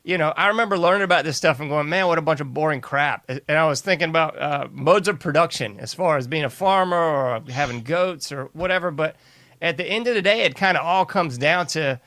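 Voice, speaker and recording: A man's voice: on the high side, fairly quick, bright, forceful tone, dry recording. A male podcast host chatting loosely and eagerly with his guest. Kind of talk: casual interview chat.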